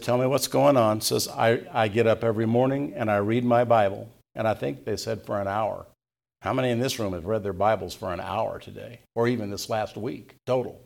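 An older male pastor preaching, his voice gravelly with a lot of fry. He tells a folksy personal story and drops into a softer voice when he quotes the people in it. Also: medium pitch. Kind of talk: sermon.

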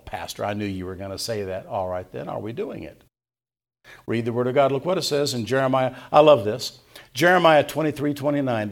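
A man's voice: medium pitch, gravelly. An older man preaching a sermon as pastor, talking earnestly and conversationally and building to emphatic peaks. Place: church.

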